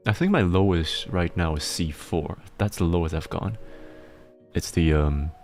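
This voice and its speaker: A man streaming casually with a deep bass voice, relaxed and often chuckling, talking in fits and restarts. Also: takes it slowly, pauses often, soft background music. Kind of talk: casual chat with chat readers.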